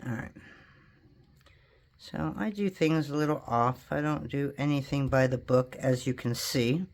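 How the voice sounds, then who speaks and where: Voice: mid-range voice, a little slow. A polymer clay crafter in a home studio, casually thinking aloud and chatting to viewers while working.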